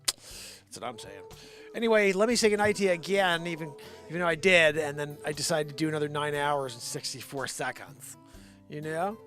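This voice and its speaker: A man's voice: fairly high pitch, brisk, a bit bright, soft background music. A man hosting a live show and rambling jokily, often sliding into impressions. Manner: rambling, jokey, slips into impressions. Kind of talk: improvised comedic livestream rambling.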